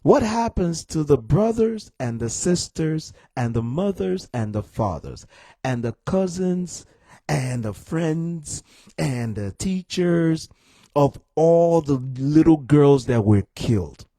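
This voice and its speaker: A man's voice: on the high side, expressive, slow pace, dark tone, no echo. A young man giving a heated, exasperated live stream rant to his viewers, repeating himself and calling them "y'all". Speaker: political commentator streaming live.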